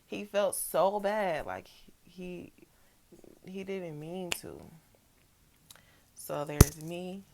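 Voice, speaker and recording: A young woman, talking in a casual, reflective vlog, soft-spoken and relaxed. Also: fairly low pitch, very slow, pauses often, background noise. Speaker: vlogger. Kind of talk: personal reflective vlog talk.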